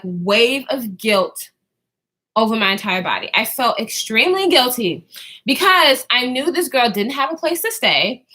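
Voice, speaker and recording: Animated high-voiced young woman vlogger. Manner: animated, laughing, swearing, acts out quoted voices. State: out of breath at times. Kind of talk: storytime vlog.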